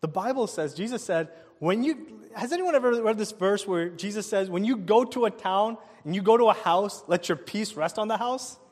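A man preaching a sermon, telling a personal story with animated delivery, asking the crowd questions and chuckling often. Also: high-pitched, normal speed, few pauses. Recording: long hall reverb.

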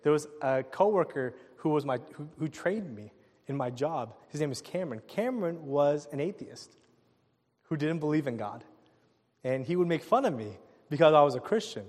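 A male pastor preaching a sermon, telling a personal story in an animated way and acting out the people in it. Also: on the high side, moderate pace, in a large hall. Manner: animated storytelling with laughs and quoted voices.

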